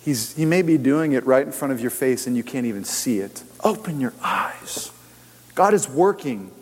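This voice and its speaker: A man preaching a sermon in a lively, animated way, acting out the voices of people in his stories. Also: mid-range voice, moderate pace. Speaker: pastor. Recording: long hall reverb.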